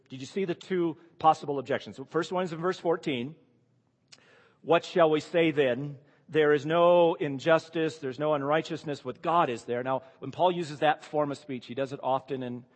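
A man's voice: mid-range voice, in a large hall. A man preaching an expository sermon, reading scripture aloud and then explaining it with emphatic rhetorical questions.

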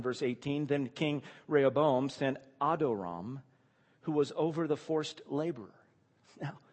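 This pastor has a slightly high, husky voice and is preaching a sermon where he reads scripture aloud and then stops to ask pointed rhetorical questions. The long reverb suggests a large hall.

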